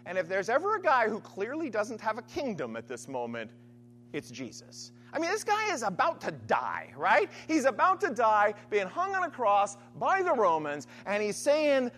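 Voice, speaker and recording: A man's voice: sits high, normal speed, a little hiss or hum. A man preaching a sermon in a conversational style, often checking in with "right?". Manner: conversational, keeps asking "right?"; animated storytelling.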